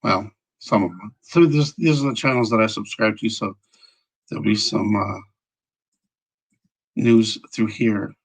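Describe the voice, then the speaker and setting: A man hosting a casual livestream, rambling as he checks his audio, greets viewers by name and often clears his throat. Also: mid-range voice, a bit bright, rough recording. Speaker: livestream host.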